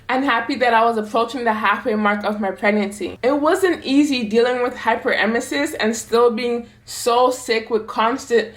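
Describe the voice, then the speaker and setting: Young woman vlogging her own story, chatty and candid, voice on the higher side. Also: fairly bright tone. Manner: candid, conversational, plain-spoken. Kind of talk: personal storytelling to camera.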